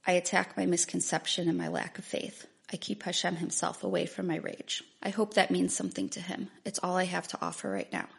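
A woman with a deep, gravelly voice full of vocal fry reads her own memoir aloud. Her tone is husky and a little low, and she paces each line in an earnest, measured, introspective way. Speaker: memoir narrator. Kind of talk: first-person memoir reading.

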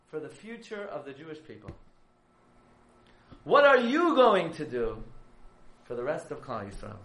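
Male speaker doing an old rabbi figure, grieving and defiant, crying out with a slightly high voice, in a roomy space. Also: a bit bright. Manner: pleading, rising to impassioned outcries. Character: elderly chief rabbi, grieving yet defiant.

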